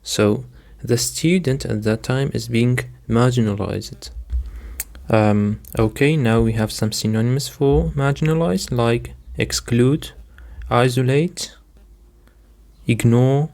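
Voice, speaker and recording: A man's voice: medium pitch, measured pace, gravelly, a little mellow. A man teaching English vocabulary in a patient lesson, repeating each word and its stress and often addressing his "dear listeners.". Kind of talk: slow, deliberate vocabulary lesson.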